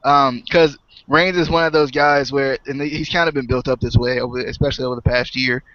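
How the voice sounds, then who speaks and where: A young man co-hosting a casual wrestling review chat, talkative and quick to laugh. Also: mid-range voice, fairly even intonation, fairly bright tone, no echo. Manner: chatty, laughs often, trails off. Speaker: co-host. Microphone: online call mic. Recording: muffled lo-fi call audio.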